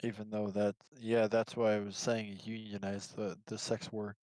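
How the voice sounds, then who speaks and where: A man chatting casually on a stream, eager and quick to laugh. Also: fairly low pitch, flat delivery, darkish tone, no echo, rough recording. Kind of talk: casual chat.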